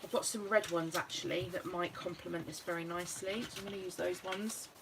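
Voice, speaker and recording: A woman's voice: on the low side, steady tone, fairly quick, gravelly, background noise. Chatty British woman crafting on camera. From United Kingdom. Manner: chatty, thinks aloud while working. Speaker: craft vlogger. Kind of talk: casual crafting walkthrough.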